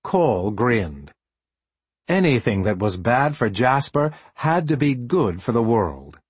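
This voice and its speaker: A man reading a storybook aloud as an audiobook narrator with expressive storytelling. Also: mid-range voice, slow pace, husky, dry recording. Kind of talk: scripted narration.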